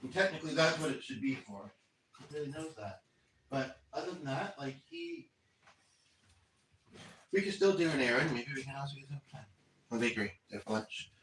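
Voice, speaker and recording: Moderately paced with long pauses, his medium-pitched voice is lively and a bit bright. He's a spiritual medium chatting earnestly on a casual livestream, rambling and cutting himself off to restart, captured from a distance in an echoey room with faint noise.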